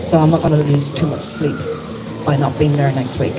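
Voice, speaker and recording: A woman from Ireland with an Irish accent, giving an earnest public speech outdoors, pausing often with ums. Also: low voice, steady tone, over music. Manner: earnest, halting with many ums. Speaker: rally speaker. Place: outdoor public speaking event. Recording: distant mic with loud street noise.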